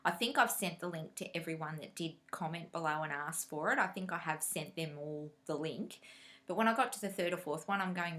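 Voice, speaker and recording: A woman's voice: sits low, brisk, a bit bright. A woman vlogging about cross-stitch in a casual, chatty way, telling stories animatedly, laughing often and acting out what people said.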